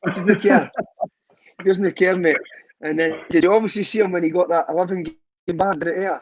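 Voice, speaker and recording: A Scottish man, a footballer guest, telling lively, profane stories in a casual podcast chat. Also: high voice, moderate pace, highs cut off. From Scotland. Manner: lively storyteller, swears, laughs often.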